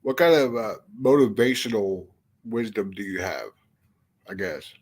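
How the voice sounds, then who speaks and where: A man's voice: fairly low pitch, measured pace, darkish tone, husky. A young man hosting a casual live chat, rambling and cursing, self-deprecating about being unsure what to do. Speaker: livestream host. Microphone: phone or headset mic.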